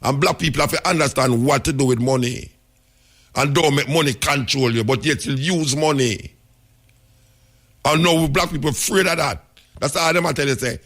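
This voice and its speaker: A man's voice: medium pitch, moderate pace, a bit bright. Jamaican guy on talk radio, medium voice, preaching-style storytelling in patois. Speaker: radio host.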